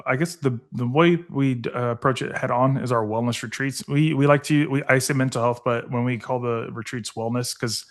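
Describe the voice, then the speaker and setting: A man's voice: medium pitch, steady tone, brisk, few pauses. A man speaking as a podcast guest in casual conversation, earnest and heartfelt, with lots of "like" and "uh". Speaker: guest, veterans foundation founder.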